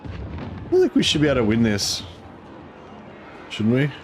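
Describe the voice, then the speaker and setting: A man giving casual let's-play commentary, relaxed and rambling with frequent ums. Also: mid-range voice, moderate pace, a little hiss or hum. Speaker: gameplay commentator.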